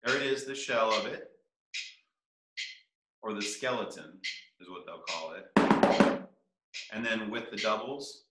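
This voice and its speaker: A man's voice: fairly low pitch, measured pace, pauses often, loud music behind the voice. A man teaching percussion, counting rhythms aloud and explaining in an easygoing way. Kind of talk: casual instruction. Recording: echoey room.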